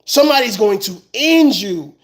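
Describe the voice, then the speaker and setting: A man's voice: sits high, lively intonation, normal speed, fairly bright tone. A man in a fired-up, profane rant, repeating words when he gets heated. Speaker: commentator. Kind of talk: impassioned rant.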